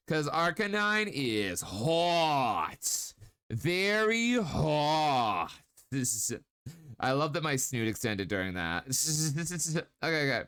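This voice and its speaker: Bright, giggly male streamer. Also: a little high, clean tone. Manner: playful, giggly, teasing, drawn-out baby talk at times. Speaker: streamer host. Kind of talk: casual live-stream chat.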